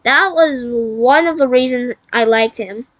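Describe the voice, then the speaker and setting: A woman's voice: on the high side, a bit bright, no echo. A woman reading a storybook aloud, stumbling and correcting herself as she goes. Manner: halting, self-correcting read-aloud. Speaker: book reader.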